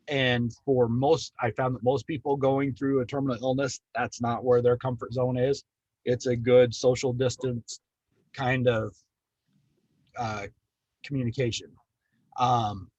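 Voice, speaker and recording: A middle-aged man training hospice staff, talking calmly and steadily, with frequent ums. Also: mid-range voice, breathy edge, no room sound, dull audio. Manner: calm, measured, with frequent ums.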